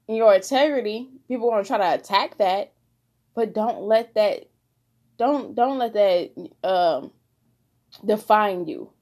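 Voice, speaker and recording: A woman hosting her own podcast, giving an informal, heartfelt spiritual pep talk with lots of repetition. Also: a little high. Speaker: podcast host. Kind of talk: casual spoken devotional encouragement.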